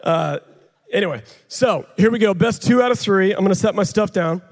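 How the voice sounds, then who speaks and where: A man preaching to an audience with a handheld mic, animated and joking, sometimes out of breath. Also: high voice, a little fast. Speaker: pastor. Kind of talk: sermon with live demonstration. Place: large hall with an audience. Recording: long hall reverb.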